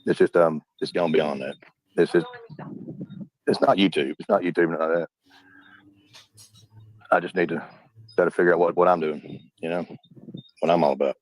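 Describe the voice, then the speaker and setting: A man calling in by phone to a livestream, rambling and halting with many restarts. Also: deep voice, fairly even intonation, no room sound, rough recording. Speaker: caller on a livestream. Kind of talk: casual phone-in chat.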